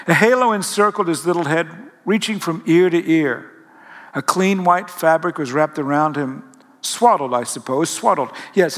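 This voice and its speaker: A man telling a reflective first-person story in a musing, halting way, often correcting himself. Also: fairly high pitch. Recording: long hall reverb.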